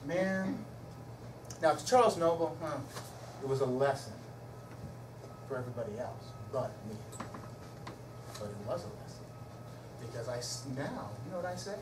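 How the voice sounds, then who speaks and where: A middle-aged man, a musician and guest speaker, tells a personal story in a lively lecture, swinging between loud excitement and hushed emotion. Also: fairly high pitch, normal speed, long pauses. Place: lecture hall. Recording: echoey hall from far off, noisy.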